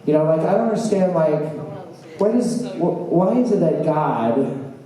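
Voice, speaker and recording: A man's voice: a little high, expressive, warm tone. Rambling stand-up man in an echoey bar. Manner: halting, meandering delivery with fillers and trailing asides. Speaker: open mic comedian. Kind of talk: stand-up comedy set. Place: small bar open mic stage, indoors. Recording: echoey bar from a distant camera with faint room noise.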